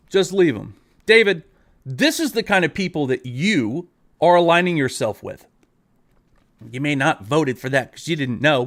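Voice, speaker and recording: Exasperated, profane man ranting. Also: sits high. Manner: profane, exasperated, talks straight at viewers. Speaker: online creator. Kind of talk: ranting live video.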